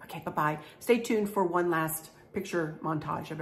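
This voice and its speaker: A woman's voice: low voice, normal speed, slight background noise. A middle-aged woman, chatting through a home decor vlog in a gushing, folksy way, teary and emotional. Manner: gushing, folksy, repeats herself. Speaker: craft and home decor vlogger.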